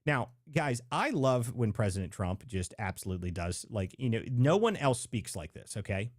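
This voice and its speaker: A male livestream host delivering casual political commentary in a medium-pitched voice. He rambles and repeats himself emphatically, leaning on filler words. The sound is close and dry, with no room around it. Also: sing-song, moderate pace, no room sound. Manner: rambling, emphatic, heavy use of "like".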